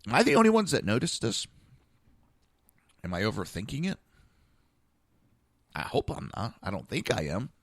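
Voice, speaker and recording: A man's voice: medium pitch, huge pitch swings, normal speed, pauses often, dry recording. Blunt, profane man ranting. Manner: blunt, profane, rhetorical questions. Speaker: podcast host. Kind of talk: opinionated political commentary monologue.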